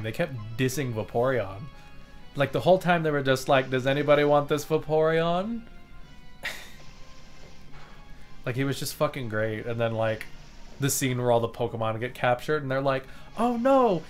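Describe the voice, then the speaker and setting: A man in the middle of his pitch range talks through a live playthrough in loose, rambling commentary. He swears freely and keeps breaking into small chuckles as he plays, with faint music underneath. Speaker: streamer.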